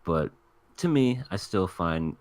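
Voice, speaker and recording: A man with a very low voice hosts a casual review podcast. He rambles a little, circling back and restarting as his thoughts form. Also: animated, slow pace, darkish tone, no room sound. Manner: rambling, thinks aloud with restarts. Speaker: podcast host reviewing anime. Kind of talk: casual chat.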